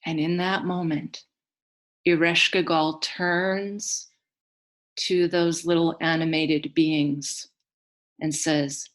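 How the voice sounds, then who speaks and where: A woman storyteller recounting an ancient myth in a slow, hushed, incantatory way. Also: low-pitched, little pitch movement. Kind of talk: mythic storytelling.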